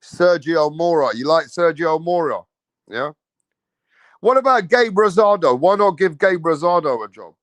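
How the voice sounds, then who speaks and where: A man's voice: a little high, animated, normal speed, a bit bright, no room sound. A man hosting a casual livestream, swearing and using slang as he rants and talks to his chat. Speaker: livestream host.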